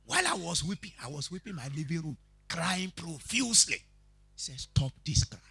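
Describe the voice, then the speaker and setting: Here the Bible study teacher, a Nigerian man who speaks Yoruba, sounds gravelly and slightly rough, pitched on the high side and a little fast, in a dry recording. He preaches, quizzes his listeners, and tells lively stories in this teaching sermon.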